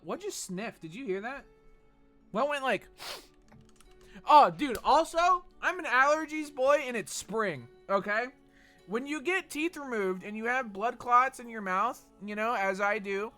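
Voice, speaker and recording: Bright-voiced, animated young streamer guy. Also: extremely high pitch, a little slow, soft background music. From United States. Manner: animated and profane, with sudden jumps from loud to mumbled. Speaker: Twitch streamer. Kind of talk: casual live-stream chat while gaming.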